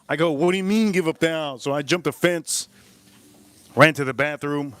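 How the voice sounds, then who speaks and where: A man in his forties tends a charcoal grill outdoors while he hosts a live stream. He tells a long, looping story and keeps repeating his lines for effect. His voice sits a bit high for a man and sounds close and dry. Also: moderate pace, pauses often, no room sound. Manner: repetitive, animated storyteller who jumps between the tale and the grill. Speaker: live-stream cook and host.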